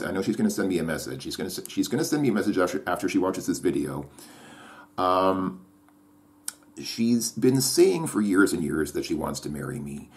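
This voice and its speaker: A man's voice: deep voice, darkish tone. A man talking to camera in a casual vlog monologue, rambling and repeating himself. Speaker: vlogger.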